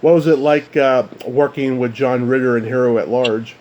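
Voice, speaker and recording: A man interviewing a guest, asking halting questions full of fillers. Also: mid-range voice, flat delivery, darkish tone, muffled recording, a little hiss or hum.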